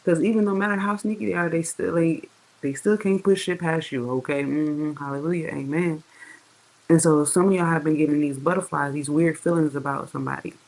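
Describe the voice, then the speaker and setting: A tarot reader delivers a loose, profane, slang-heavy reading, chatting right to the audience and drawing key words out slowly for emphasis. The voice sits at an ordinary middle pitch, with fairly even intonation and a creaky, slightly mellow quality. The recording is low quality.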